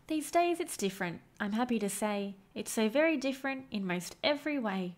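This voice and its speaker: A woman's voice: medium pitch, normal speed. Woman reading a children's picture book aloud. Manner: expressive, sing-song rhyming delivery. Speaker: storyteller.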